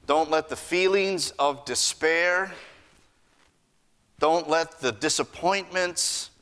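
A man preaching a sermon, earnest, swinging between raised emphasis and hushed lines. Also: on the high side. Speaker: pastor.

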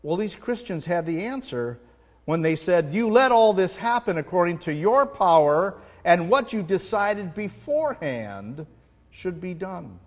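A man's voice: on the high side, long reverb tail. A man preaching a sermon with earnest emphasis, telling a story to make his point. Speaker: pastor.

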